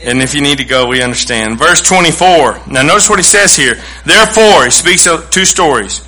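A middle-aged man preaching a sermon as pastor, emphatic and folksy, repeating phrases and swinging from loud to quiet. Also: fairly high pitch, expressive, fairly quick, rough recording.

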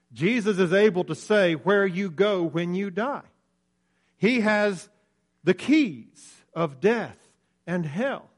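A man preaching a sermon earnestly, slowing down and swinging his voice up and down for emphasis. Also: fairly high pitch. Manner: earnest, rises and falls sharply for emphasis, slows on key lines.

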